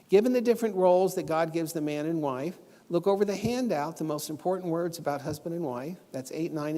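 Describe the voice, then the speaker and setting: Earnest male preacher in a reverberant hall. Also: a little high. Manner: earnest, storytelling, instructive. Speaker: guest preacher. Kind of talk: sermon lesson. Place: church auditorium. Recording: long church hall reverb.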